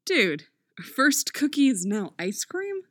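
A woman voicing a cocky, quick-talking teenage superhero boy in an audiobook reading, with a brash, teasing manner. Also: high-pitched, big pitch swings, a bit bright, dry recording, studio quality, voice pushed up, full character voice. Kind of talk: audiobook character voice.

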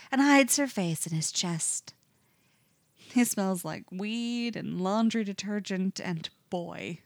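A woman reading a romance story aloud in an intimate, unhurried way, sometimes dropping to a hush. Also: medium pitch, creaky, dry recording. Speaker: narrator. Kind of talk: reading fan fiction aloud.

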